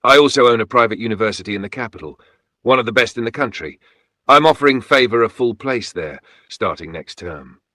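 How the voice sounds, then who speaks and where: A man's voice: mid-range voice, expressive, fairly quick, sharp tone, no room sound, studio quality. A man voicing a stern older village chief who speaks firmly and formally. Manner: firm, commanding, accusing.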